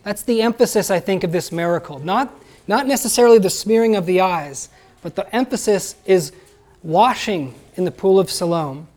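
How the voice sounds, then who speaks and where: A pastor preaches to his congregation in a plain, conversational way, asking the listeners questions. His voice is high with a darkish tone, at a moderate pace.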